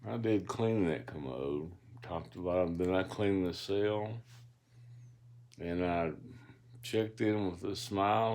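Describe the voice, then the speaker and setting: A man's voice: sits low, gravelly, darkish tone, a little hiss or hum. A man lying in bed, reading his own audiobook as a rambling, reflective spoken-word monologue. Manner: meandering, reflective, philosophical musing. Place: lying in bed in a dark room.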